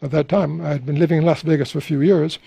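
A man's voice: on the high side, fairly even intonation, fast talker, vocal fry, mellow, husky, no echo. A man preaching a sermon, telling a personal story and climbing to emphatic peaks. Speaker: pastor.

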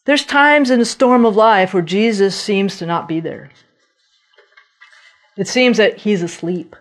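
A woman delivers a sermon at an unhurried pace. She tells the stories in a lively way and acts out the voices of the figures in them. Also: mid-range voice, faint music behind. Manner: animated storytelling, acting out voices of biblical figures. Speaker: preacher.

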